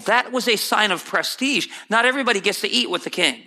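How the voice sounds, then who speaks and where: A man's voice: high voice, lively intonation, moderate pace, few pauses, pushed and bright. A man preaching a sermon as pastor, conversational and repetitive with many restarts. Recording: hall reverb.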